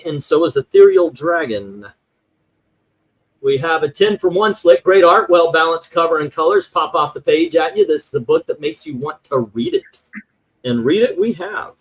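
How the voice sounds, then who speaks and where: A man's voice: fairly high pitch, low-quality recording. A man hosting a casual livestream chat, reading viewer comments and scores aloud with many fillers. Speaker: host.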